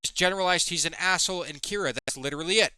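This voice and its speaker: A man's voice: high voice, very fast, noisy background. A man hosting a heated commentary video, reading chat logs aloud and swearing as he accuses someone. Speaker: commentary host.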